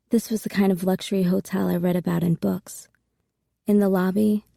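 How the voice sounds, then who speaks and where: A woman reading a first-person audiobook in a steady, intimate storytelling manner. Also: on the low side, vocal fry, dry recording, clean studio sound. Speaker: audiobook narrator.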